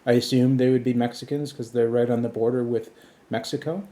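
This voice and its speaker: A man runs a comedy podcast and talks back and forth with a voice assistant. His tone is dark and mellow. He speaks in a dry, insistent way and often lectures. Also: medium pitch, steady tone, fairly quick. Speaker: podcast host.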